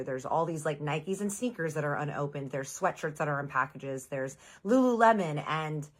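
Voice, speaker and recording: Low-voiced woman telling a chatty storytime. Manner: chatty, leans on filler "like", voices her own reactions in sudden high jumps; swears casually, speaks straight to viewers. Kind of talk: casual storytime vlog.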